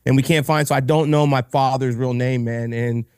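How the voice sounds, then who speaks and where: A man's voice: mid-range voice, fairly even intonation, normal speed, a little mellow, clear, resonant tone, no echo, studio quality. A man being interviewed on a podcast, speaking candidly and earnestly with frequent restarts, choked up with emotion. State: emotional, near tears. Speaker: podcast guest, entrepreneur. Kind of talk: casual interview chat.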